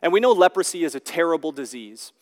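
A man's voice: a little high, lively intonation, quick pace. Man preaching in a reverberant hall. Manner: expository preaching with casual asides. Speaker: pastor. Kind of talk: sermon.

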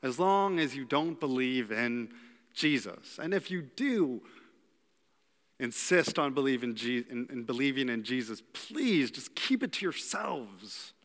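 A man's voice: medium pitch, sing-song, measured pace, a bit bright. A man preaching a sermon as pastor, in an earnest, plain-spoken way with some fillers. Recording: long hall reverb.

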